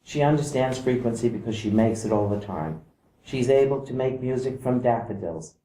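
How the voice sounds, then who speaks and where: A man giving a calm explanatory talk to camera. He mimics vibrations by singing short "da" syllables. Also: medium pitch, moderate pace, roomy sound, a little hiss or hum, poor audio. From outside Iceland.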